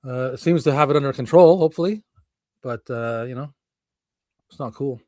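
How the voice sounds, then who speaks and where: A medium-pitched, darkish male voice at normal speed, with no room sound, comes through a remote video-call stream mic. The podcast host runs a casual live chat, frequently swearing, laughing, and venting at technical glitches.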